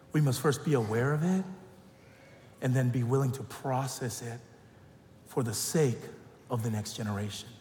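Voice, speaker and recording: A male pastor preaching a sermon, telling stories and joking, animated. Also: mid-range voice, a little hiss or hum. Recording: echoey church hall.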